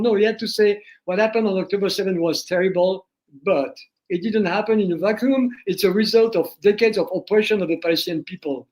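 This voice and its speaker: A man's voice: high voice, a little fast, darkish tone, rough recording. A man giving blunt, emphatic answers as a filmmaker guest in an interview.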